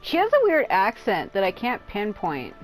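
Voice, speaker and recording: A woman's voice: medium pitch, wildly swooping pitch, normal speed, music in the background, rough recording. A woman streamer giving casual, rambling commentary while playing a game, sounding tired and worn out. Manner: rambling and chatty, reacting aloud. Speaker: gameplay streamer.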